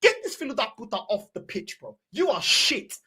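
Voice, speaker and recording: A woman rants as a football fan host, exasperated and swearing, repeating herself and slipping into Portuguese. Her voice is husky and a bit higher than most, with pitch that swings widely. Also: very animated, normal speed, pushed and bright. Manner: exasperated, swearing, repetitive, switching between English and Portuguese. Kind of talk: angry fan reaction rant.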